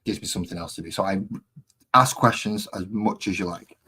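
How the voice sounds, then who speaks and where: A man's voice: sits low, brisk, bright, forceful tone, breathy edge. A man casually chatting on a live stream while painting models, rambling and easily distracted.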